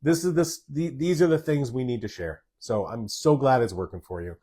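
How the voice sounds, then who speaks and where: A man's voice: mid-range voice, normal speed, mellow, husky. A man, a doctor hosting a live stream, casually answers viewer questions and stresses points by repeating words.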